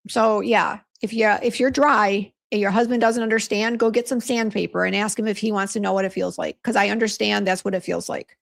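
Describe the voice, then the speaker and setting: This is a beauty brand owner in her fifties on a casual live stream, frankly chatting, reading viewer comments and exclaiming in a self-deprecating manner. Her medium-pitched, gravelly voice moves briskly with fairly even intonation and few pauses.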